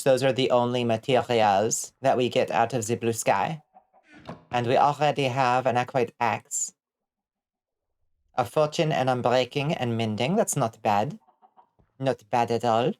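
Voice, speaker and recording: An American woman chats her way through a gaming stream, thinking out loud as she goes. She sounds bemused and swears freely. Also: extremely low pitch, a little slow, pauses often. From United States. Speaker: vtuber streamer. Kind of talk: casual gaming commentary.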